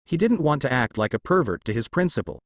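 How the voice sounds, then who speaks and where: A man narrating a fan fiction story aloud in a plain, steady reading voice with occasional misread words. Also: mid-range voice, fast talker, no room sound.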